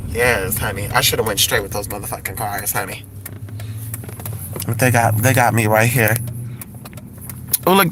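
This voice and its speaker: Loud music nearly drowns out this man as he streams live from behind the wheel, his mid-range voice competing with background noise. Chatty and flamboyant, he gushes, swears freely and calls everyone honey.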